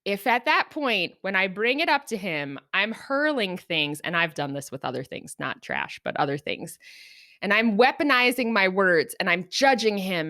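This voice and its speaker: A middle-aged woman co-hosting a podcast, talking earnestly and reflectively, lively when she acts out everyday examples. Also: medium pitch, measured pace. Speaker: podcast co-host. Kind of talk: reflective conversational podcast talk.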